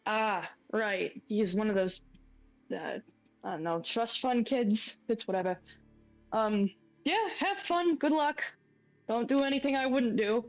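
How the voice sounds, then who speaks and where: A woman voicing a relaxed, friendly man making small talk while watching TV. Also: a little high, a little slow, no room sound, faint music behind.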